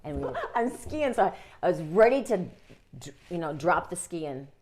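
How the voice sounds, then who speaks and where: Interview guest: woman, low voice, dramatic storyteller who swings from loud outbursts to hushed tones, recorded at home. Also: very animated, normal speed, slight background noise. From United States, Midwest.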